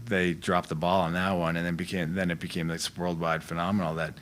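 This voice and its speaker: A middle-aged man with a fairly low voice chats loosely on a podcast. His talk is slangy and laid-back, rambling through stories with many restarts. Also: level tone, a little fast, fairly bright tone. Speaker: podcast guest, actor. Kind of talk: casual storytelling chat.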